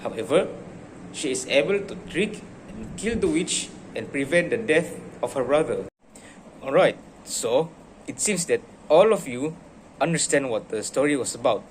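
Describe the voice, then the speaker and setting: A man's voice: mid-range voice, a little hiss or hum. A man acting as a teacher, asking questions, praising answers and reading a story aloud in an encouraging way. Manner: slow, encouraging, animated reading. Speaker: teacher in a classroom role-play.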